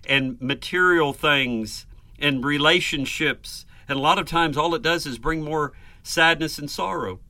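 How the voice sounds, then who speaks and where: A man's voice: on the high side, sharp tone, no room sound. A man preaching a sermon, earnest and emphatic, building lists and rhetorical questions.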